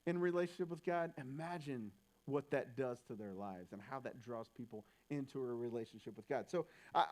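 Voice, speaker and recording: A man's voice: a little high, a little mellow. A young man preaching a sermon in a church, talking in a loose, conversational way with frequent restarts. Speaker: pastor.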